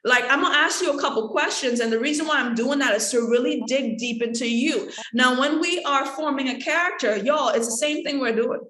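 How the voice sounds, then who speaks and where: A woman with a high, bright-pitched voice leads an acting workshop, answering students' questions. She talks in a lively, hands-on way and acts out little scenes to make her point. Her voice rings in a noticeably echoey room. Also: a little fast, few pauses. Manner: lively, acts out examples with laughter. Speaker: acting teacher.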